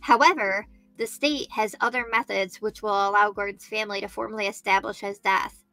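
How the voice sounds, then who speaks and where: A woman hosting a true crime livestream, reading a news story aloud, thinking out loud and chatting with her viewers by name. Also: mid-range voice, fairly even intonation, fairly quick, no echo, soft background music. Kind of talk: live-stream chat, reading news aloud.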